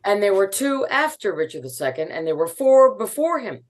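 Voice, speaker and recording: A woman's voice: medium pitch, moderate pace, slight background noise. A woman chatting casually and effusively about a play over a video call. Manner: expressive, effusive, sighing.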